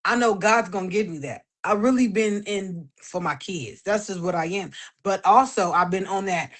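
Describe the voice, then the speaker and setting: A woman in casual chat, animated and laughing often, giving an emphatic faith-filled testimony with lots of repetition. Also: medium pitch, normal speed.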